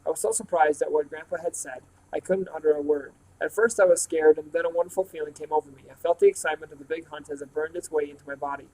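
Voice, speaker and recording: A man reads a novel aloud, one chapter a day. His voice sits a little high for a man, and he tells the story plainly and steadily, tripping over a word now and then. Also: fairly even intonation, fast, low-quality recording. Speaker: reader.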